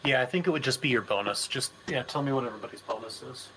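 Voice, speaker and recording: A man running a tabletop game session, talking casually and checking rules aloud with some halting starts. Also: medium pitch, pushed and bright, soft background music, rough recording. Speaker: game master.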